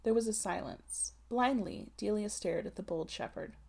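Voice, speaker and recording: A woman narrating a classic novel in a measured, literary audiobook reading. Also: medium pitch, gravelly, mellow, breathy edge.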